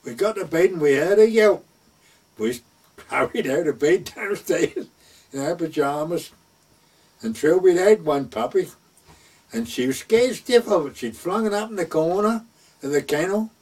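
Husky older man telling an anecdote. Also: fairly high pitch, animated, a little slow, long pauses, darkish tone, far from the mic. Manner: rambling retelling full of "I said, he said". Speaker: storyteller. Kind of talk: casual reminiscing anecdote.

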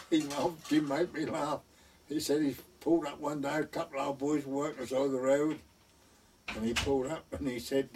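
A man's voice: medium pitch, a little mellow, recorded from a distance, slight background noise. An older man telling a wartime story from his youth, chuckling often and acting out the voices of the people he quotes. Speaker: oral history storyteller. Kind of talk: reminiscing anecdote.

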